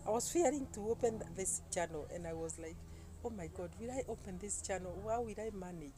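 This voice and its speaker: A woman, telling a story to camera in an animated way, full of exclamations. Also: mid-range voice, brisk, poor audio. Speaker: YouTuber. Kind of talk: casual talk to camera. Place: indoors, seated. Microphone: phone camera.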